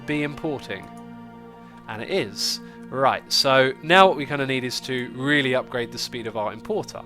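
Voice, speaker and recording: A man's voice: medium pitch, bright, forceful tone. A man with a stuffy, congested nose hosting a casual gaming livestream, chatting and thinking aloud as he plays. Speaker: livestream host.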